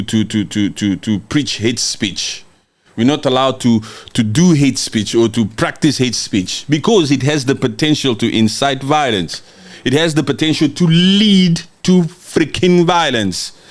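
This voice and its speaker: A man from Congo hosts a podcast livestream, reading viewer comments and speaking in a heated, emphatic way, often repeating words. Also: medium pitch. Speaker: podcast host.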